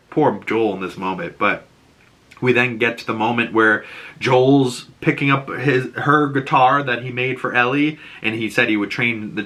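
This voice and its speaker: A man with a Boston accent giving an emotional, swearing, casual recap of a TV episode, acting out the quotes. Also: sharp tone. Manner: emotional, swears, acts out quotes with rising pitch. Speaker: TV show reviewer.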